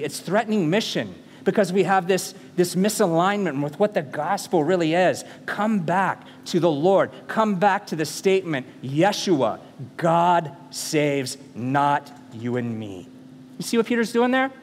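A male pastor preaching a sermon, animated and full of rhetorical questions, in a church sanctuary. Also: high-pitched, in a large hall, slight background noise.

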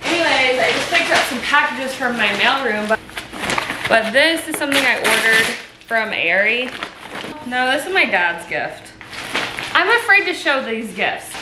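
A woman's voice: fairly high pitch, lively intonation, moderate pace. A young woman chatting casually in a vlog, gushing and bubbly, with plenty of "like" and "um". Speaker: lifestyle vlogger. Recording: noisy vlog recording.

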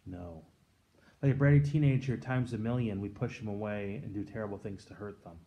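A man in his thirties reading scripture and then giving an earnest, reflective devotional sermon, letting his voice drop soft and quiet on tender points. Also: lowish voice, a little fast, highs cut off. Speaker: pastor giving a daily devotion.

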